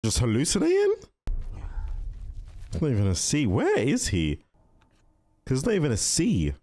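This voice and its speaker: A man hosting a casual movie reaction, chatty and excitable, talking straight to the characters on screen. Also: mid-range voice, moderate pace. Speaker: reaction video host.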